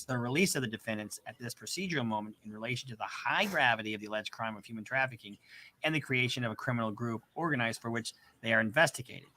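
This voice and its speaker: A man speaking as a lawyer, explaining a court order in a commentary video in a measured, explanatory way. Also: mid-range voice, sharp tone, slight background noise.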